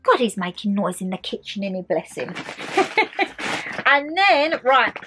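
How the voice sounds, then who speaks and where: A young British woman chatting excitedly to her viewers as she shows off a shopping haul at home. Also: mid-range voice, a little slow, over music. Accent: British English. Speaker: vlogger. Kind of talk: casual shopping haul vlog.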